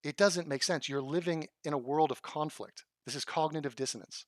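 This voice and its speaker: Brief: male commentator, sarcastic and profane, slightly high voice, dry close sound. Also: fairly quick, no echo. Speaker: commentator reacting to video clips. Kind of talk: combative commentary.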